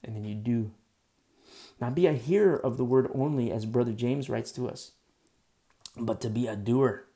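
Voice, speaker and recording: A man's voice: mid-range voice, normal speed, pauses often, dark tone. A man preaching a sermon in a conversational, folksy way, with asides and quoted lines. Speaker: pastor.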